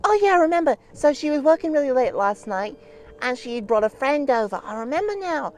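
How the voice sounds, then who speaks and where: A man's voice: very high voice, big pitch swings, brisk, a little mellow. A man voicing a rambling, easily sidetracked young boy puppy in a plush-toy comedy parody. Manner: rambling, forgetful storytelling.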